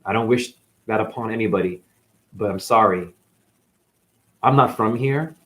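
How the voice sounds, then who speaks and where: A man's voice: lowish voice, normal speed, a bit bright. A man from New England as a spiritual teacher, rambling through a profane monologue that swings between mutters and outbursts. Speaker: spiritual teacher, former dancer.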